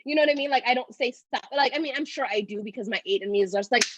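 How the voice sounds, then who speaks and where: A woman's voice: fairly high pitch, very fast, highs cut off, noisy background. A woman in her thirties, a podcast guest telling personal stories in a casual, rambling way that is full of "like". At times she sounds tearful. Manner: talks in loose run-on phrases full of "like". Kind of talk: casual conversational storytelling.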